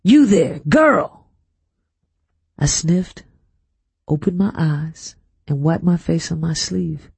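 A man narrating an audiobook in a steady, measured storytelling manner. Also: a little high, gravelly, slightly rough, no room sound. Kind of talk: scripted narration.

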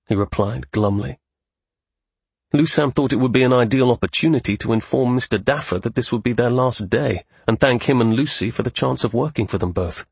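A male narrator reading a fantasy audiobook in a steady storytelling style. His voice is gravelly and very husky. The recording is dry and close, with no room sound. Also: mid-range voice, fairly quick, no echo.

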